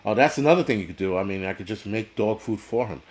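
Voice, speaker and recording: A man with a lowish voice rants on a casual livestream, blunt and rambling. He swears constantly and answers viewer chat as he goes. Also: lively intonation, fast talker, darkish tone. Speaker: livestream host reading chat. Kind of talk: casual profane livestream rant.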